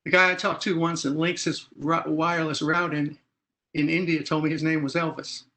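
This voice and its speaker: A man's voice: on the high side, little pitch movement, normal speed, sharp tone. A middle-aged man gives a presentation as a consumer advocate, acting out phone calls in dialogue. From Texas.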